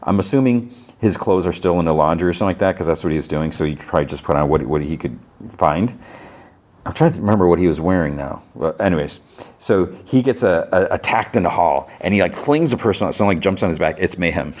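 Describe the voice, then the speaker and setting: A man's voice: low-pitched, animated, fast, darkish tone. A man hosting a podcast, chatting casually as he retells a TV episode in a loose, rambling way. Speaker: podcast host.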